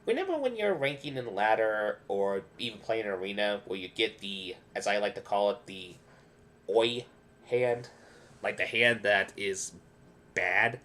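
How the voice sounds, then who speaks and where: A man talks through card game strategy in a loose, rambling way, often acting out what other players might say. His pitch swings widely from line to line. His tone is bright and forward. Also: expressive, unhurried. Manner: explanatory, rambling with restarts and quoted asides. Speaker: gaming video creator. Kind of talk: casual gameplay tips commentary.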